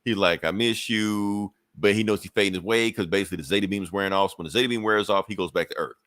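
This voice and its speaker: This comics-reviewing podcast co-host has a deep, slightly bright voice and talks at a racing clip. Loose and profane, he recaps a comic book casually, cursing and acting out characters' lines between laughs. The sound is dry and studio quality.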